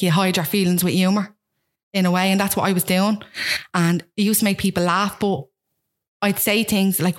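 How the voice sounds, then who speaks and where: A young woman with a Dublin Irish accent, telling her own story as a guest in a candid, self-mocking way and acting out what people said. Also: medium pitch. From Ireland. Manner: rapid, frank, self-mocking, acts out quotes.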